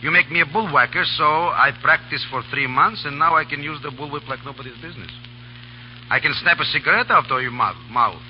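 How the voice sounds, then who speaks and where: A man's voice: on the high side, brisk. A man, an actor, joking playfully in broken English during comic radio banter. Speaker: actor, guest. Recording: muffled 1930s radio broadcast with hiss.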